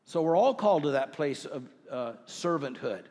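A middle-aged male pastor preaching a sermon to his congregation, earnest, with rhetorical questions and slow scripture readings. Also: fairly high pitch, lively intonation, darkish tone, long reverb tail. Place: church sanctuary.

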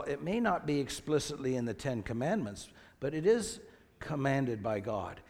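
A man's voice: a little high, long reverb tail. A man preaching a sermon as pastor, reading scripture aloud with rising emphasis and asking the congregation questions.

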